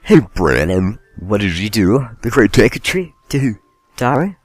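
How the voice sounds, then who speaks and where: A man's voice: lowish voice, big pitch swings, measured pace, breathy edge, no echo, soft background music, full character voice. A man voicing a bratty young boy in a game, with a whiny, accusing put-on tone.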